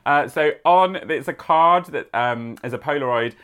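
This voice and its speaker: A woman's voice: low-pitched, moderate pace, a crowd in the background. A woman co-hosting a podcast at home, reading listener mail with dry, playful jokes. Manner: dry, jokey, playful asides. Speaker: podcast co-host.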